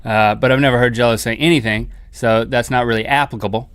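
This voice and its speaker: A man co-hosting a comedic food-tasting show, with playful, exaggerated excitement. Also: mid-range voice, quick pace, clean tone, no echo. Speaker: co-host.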